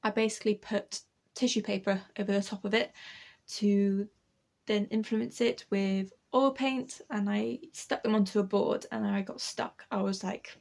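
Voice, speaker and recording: Chatty woman, gravelly. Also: medium pitch, fairly even intonation, moderate pace, darkish tone, no echo. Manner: chatty, self-reassuring, laughs often. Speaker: artist vlogger. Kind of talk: casual vlog chat. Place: outdoors on a walk, then at home.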